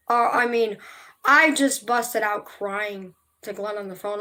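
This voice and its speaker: A woman's voice: medium pitch, unhurried, bright, forceful tone. A young woman talking casually on a livestream, emotional and rambling, swearing freely as she tells a personal story. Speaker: vlogger.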